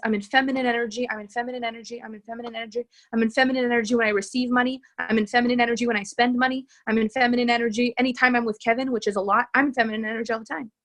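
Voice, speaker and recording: Woman coach, bright-ish higher voice, earnest and emphatic, leans on repetition. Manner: earnest and emphatic, repeats key phrases. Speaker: relationship coach. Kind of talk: live coaching session, reading out viewer comments.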